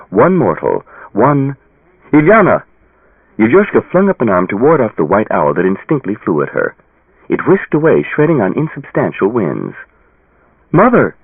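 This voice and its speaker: A male audiobook narrator reading with dramatic expression, his pitch swinging widely around a lowish center. His voice is husky and dry, and the sound is thin and tinny like a phone line. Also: no echo. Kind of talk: scripted narration.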